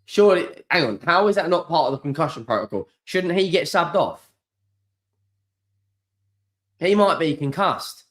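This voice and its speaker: A man's voice: fairly high pitch, lively intonation, fairly quick, a bit bright. A man hosting a live football watchalong stream, ranting in exasperation and swearing freely.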